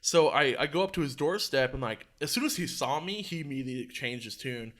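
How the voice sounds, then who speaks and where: A young man hosting a podcast, telling a story in a casual, profane, animated way. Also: medium pitch, a little fast. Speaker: podcast host.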